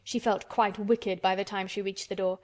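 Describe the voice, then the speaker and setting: This is scripted audiobook narration by a woman whose voice sits in the middle range. Her delivery is even and measured.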